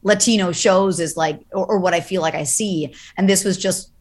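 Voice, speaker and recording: An American woman voice actor talking casually on a panel, chatty and animated, full of "like" and "you know". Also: lowish voice, moderate pace. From United States.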